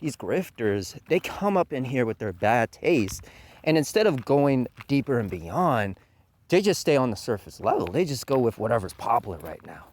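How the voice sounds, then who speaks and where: A man's voice: medium pitch, sing-song, moderate pace, a little mellow. A man hosting a commentary channel, delivering a heated, profane rant and mocking his critics in put-on voices. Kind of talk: ranting commentary monologue.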